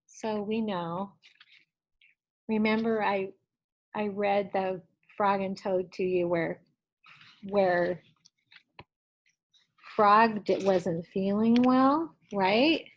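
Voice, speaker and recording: Woman teacher, unhurried and encouraging, coaxes young kids through a reading lesson. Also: medium pitch, fairly even intonation, highs cut off. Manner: gentle, encouraging, asks children questions.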